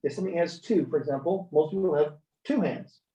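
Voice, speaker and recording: During a classroom lecture in a church, a man teaching beginner Hebrew speaks in a fairly high, dark voice and moves fairly quickly. Chatty, he follows every point with "okay?" and leads students in repeating after him, all captured in dull, roomy, distant lo-fi audio.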